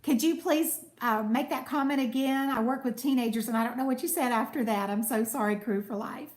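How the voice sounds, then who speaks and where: Chatty high-voiced woman live-streaming. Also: a little fast. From United States. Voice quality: soothing voice. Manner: chatty, warm thanks to viewers, reads comments aloud. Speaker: cooking channel host. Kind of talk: casual live-stream chat. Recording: echoey room.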